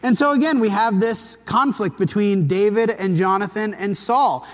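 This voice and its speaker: A man teaching a Bible lesson in a relaxed, conversational way, telling the story and briefly acting out the quotes. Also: sits high, normal speed, big-room sound.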